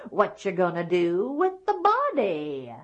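A woman puts on an old grandpa who cannot hear well, asking things again in a querulous way. Her voice is husky and slow. It stays low. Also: huge pitch swings, lo-fi sound, heavily acted. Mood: curious. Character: hard-of-hearing old grandpa.

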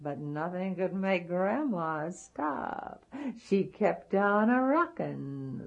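A woman tells a folk tale in a dramatic, folksy manner, sometimes dropping to a whisper. Her voice is husky and lowish. She takes it very slowly. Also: big pitch swings, a bit bright, highs cut off. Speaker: storyteller.

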